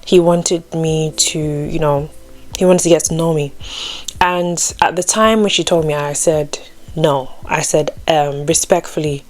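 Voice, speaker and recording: A young adult woman, a Christian storytime vlogger, shares a personal faith story casually, full of "like" and "you know," raising her voice to act out what others said. Her voice is low and darkish, fairly even, and a little slow.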